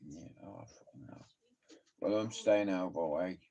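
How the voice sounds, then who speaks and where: A man's voice: sits low, moderate pace, mellow, highs cut off. A young Irish man chatting live on stream, telling rambling sweary stories and laughing at them. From Ireland. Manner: sweary, rambling storytelling, laughs at own tales. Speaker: livestreamer. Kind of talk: casual live-stream chat.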